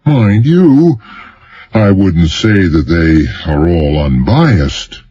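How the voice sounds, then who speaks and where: Narrator doing sarcastic weary man, mocking, slow, husky, dull lo-fi. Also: low voice, very animated, warm tone, exaggerated voice. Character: sardonic mysterious male doctor, mocking and contemptuous.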